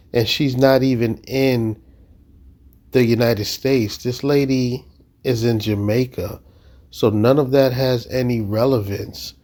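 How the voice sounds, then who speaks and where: A man's voice: mid-range voice, darkish tone. A man commentating on a video clip, exasperated and scornful. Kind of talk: reaction commentary.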